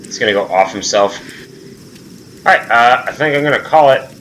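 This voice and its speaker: A man commentating his own gameplay, swearing and reacting loudly. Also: medium pitch, moderate pace, a little hiss or hum, low-quality recording. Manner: profane, excitable, reacts loudly. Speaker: gamer. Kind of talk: let's play commentary. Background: game sounds.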